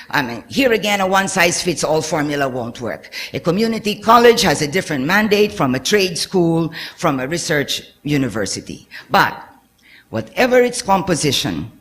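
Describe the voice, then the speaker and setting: A man's voice: on the high side, fairly bright tone. A man giving a formal academic lecture in a hall, partly reading aloud, stressing key words and letting his voice fall at the ends of phrases. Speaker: university speaker giving a lecture.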